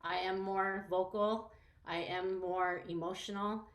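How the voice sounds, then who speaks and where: A woman's voice: medium pitch, steady tone, a little slow, roomy sound. A Chinese American woman, a mother and artist, speaking earnestly and emotionally as a guest in a public conversation. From United States. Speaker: panel guest.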